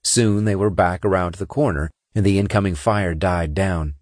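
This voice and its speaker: A man narrating a science-fiction audiobook with expressive storytelling and character voices. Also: low-pitched, normal speed, dry recording, clean studio sound.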